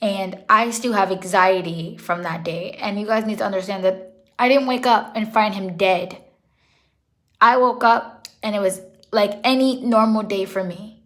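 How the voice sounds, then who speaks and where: A woman's voice: mid-range voice, measured pace, a bit bright. A young woman talking casually in a vlog, earnest and rambling, correcting herself as she goes, emotional and holding back tears. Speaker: pet vlogger.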